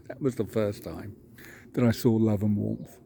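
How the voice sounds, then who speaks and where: This man from England speaks in a lowish, steady, dark voice with vocal fry, a little slowly, over a faint hiss or hum. As a vlog host walking a dog outdoors, he tells a rambling, self-mocking tale from his childhood, chuckling at himself throughout.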